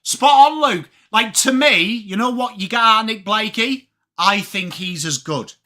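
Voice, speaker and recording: A young English man hosting a live sports watchalong, talking fast and casually, swearing freely and answering chat by name. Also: high voice. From England. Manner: animated, swearing, reads chat names aloud. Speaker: livestream host.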